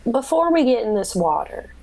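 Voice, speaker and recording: A woman with a somewhat high voice takes part in a tabletop game. She talks through her plans out loud and reassures her fellow players, keeping the tone casual. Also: sing-song, moderate pace, creaky, low-quality recording.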